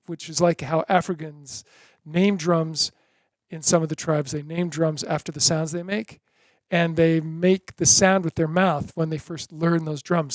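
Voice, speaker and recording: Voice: medium pitch, no room sound, studio quality. A drum teacher giving a beginner lesson in an encouraging way, chanting drum syllables in rhythm.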